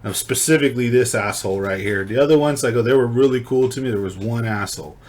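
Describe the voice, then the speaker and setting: A man tells a story from his own life, casual and rambling. He drifts through slang and swears freely. His voice sits at an ordinary middle pitch. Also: quick pace, a little mellow. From California. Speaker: vlogger telling a personal story.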